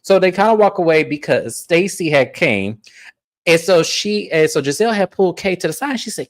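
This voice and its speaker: A woman's voice: on the low side, a little fast. A woman giving a casual, profane recap of a reality TV episode, telling the story with energy and acting out cast members' lines. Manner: animated storytelling with swearing. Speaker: podcast co-host.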